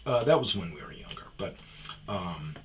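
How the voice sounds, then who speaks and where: A man's voice: deep voice, expressive, moderate pace, noisy background. A middle-aged man hosting a podcast, telling rambling, profane comic stories and acting out the lines of the people in them. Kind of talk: casual comedic storytelling.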